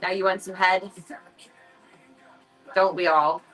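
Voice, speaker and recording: A woman's voice: fairly low pitch, fairly even intonation, takes it slowly, a bit bright, faint music behind, rough recording. A woman livestreaming from home, chatting casually and cooing playfully at her cats in baby talk.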